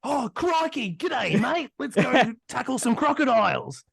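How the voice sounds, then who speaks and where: A man's voice: very high voice, very animated, unhurried, gravelly, a bit bright, husky, no echo, studio quality, pitched above the performer's own voice, full character voice. A man putting on a boisterous outback man with a broad Australian accent.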